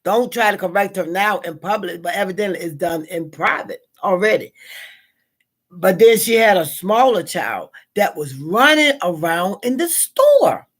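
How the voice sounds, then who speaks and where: Southern lady rambling on her live stream, lots of ums and restarts, medium pitch. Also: expressive, unhurried, slightly rough. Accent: Southern American. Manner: rambling, repeats herself, frequent fillers. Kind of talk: casual spoken reflection.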